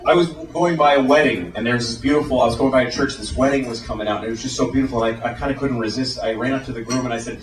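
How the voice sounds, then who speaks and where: An American man doing a stand-up comedy set, animated and shouting his punchlines. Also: mid-range voice, rapid-fire, hardly any pauses. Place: comedy stage before a live audience. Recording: roomy live venue recording from a distance. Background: audience laughter.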